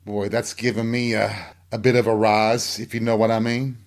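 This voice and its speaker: The recording is very noisy as a middle-aged man with a lowish, flat voice talks at a moderate pace on his solo podcast. Frank and reflective, he rambles and often throws rhetorical questions at his audience.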